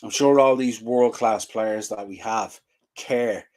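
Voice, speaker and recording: Guy venting about his team, lowish voice, keeps asking where's this where's that. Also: takes it slowly, darkish tone. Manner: exasperated, repetitive rhetorical questions. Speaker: fan podcast host. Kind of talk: ranting fan commentary.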